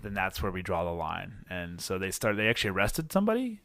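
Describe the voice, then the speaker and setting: A man's voice: low-pitched, fast talker, no echo. A man co-hosting a casual podcast chat about cars, telling stories and acting out customers. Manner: animated storyteller, acts out customers. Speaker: podcast co-host.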